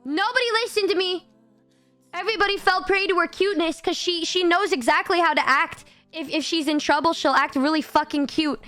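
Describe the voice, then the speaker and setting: A young woman streamer chatting casually with her viewers, animated and swearing, often breaking into laughs. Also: extremely high pitch, fairly quick, dry recording, faint music behind.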